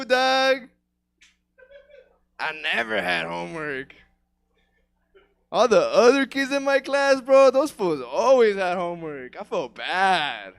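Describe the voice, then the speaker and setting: A man doing a stand-up set on a comedy theater stage, slangy with deadpan punchlines. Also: extremely high pitch, takes it slowly, vocal fry, long pauses, smooth.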